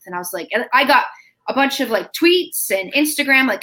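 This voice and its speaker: A woman being interviewed, telling a family story in a lively, chatty way and acting out the quoted lines. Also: high-pitched, fairly quick, rough recording. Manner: animated, acts out quoted dialogue.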